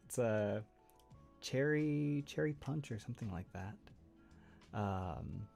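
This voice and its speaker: A streamer chats casually on his livestream close to the mic, rambling, laughing often, and full of fillers and restarts. His mid-range voice is gravelly, a little mellow, slow, and lively in intonation, with faint music behind.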